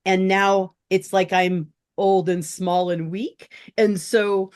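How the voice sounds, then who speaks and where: A woman sharing in a group coaching session, talking in a halting way with hesitant restarts. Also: mid-range voice, fairly even intonation, darkish tone, clean tone.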